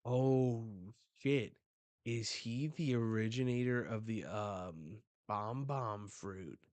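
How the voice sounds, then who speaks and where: A man reading a comic chapter aloud and reacting to the panels with quick casual remarks. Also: fairly low pitch, a little mellow, no echo. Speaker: manga reaction host.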